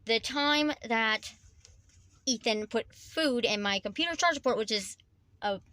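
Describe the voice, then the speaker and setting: Halting, higher-voiced woman vlogger. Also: animated, sharp tone, a little hiss or hum. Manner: halting, rambling, with frequent restarts; fond, reminiscing about her dog. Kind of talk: casual countdown vlog.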